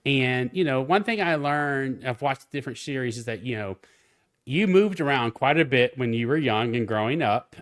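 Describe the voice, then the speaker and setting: A man hosting an interview over a video call, eager and friendly, often halting and restarting his sentences. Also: medium pitch, animated. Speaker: podcast host. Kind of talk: casual interview chat.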